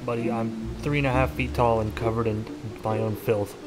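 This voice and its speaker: A man voicing a small, filthy, boastful male goblin in a gruff, self-satisfied drawl during video game commentary. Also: medium pitch, level tone, normal speed, voice pushed down, natural voice. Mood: smug. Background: game music.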